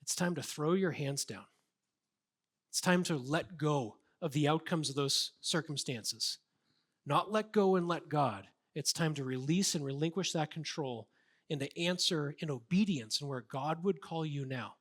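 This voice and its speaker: A man's voice: a little high, measured pace, a bit bright. A man preaching a sermon as a pastor, earnest and conversational, with casual fillers.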